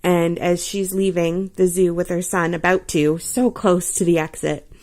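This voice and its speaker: A woman's voice: on the low side, steady tone, unhurried, darkish tone. A woman in her thirties chatting casually about books she has read, rambling and giggly, with lots of fillers. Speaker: vlogger.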